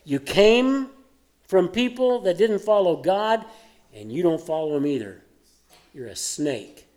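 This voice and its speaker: A man preaching a sermon, teaching through Bible verses in an emphatic, conversational way, swinging from loud points to hushed asides. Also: on the high side, lively intonation, measured pace.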